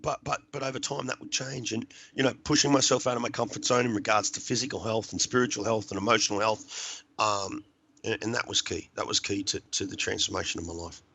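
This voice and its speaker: A middle-aged man, a podcast guest, earnestly telling a personal recovery story with halting restarts. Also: fairly low pitch, vocal fry, bright, forceful tone, breathy edge, rough recording. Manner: earnest, halting, repeats words while searching.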